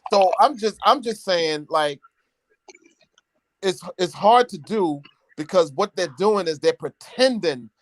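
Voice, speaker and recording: A man talking in an animated, opinionated way during a casual chat, laughing between his points. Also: high voice, slow, no echo.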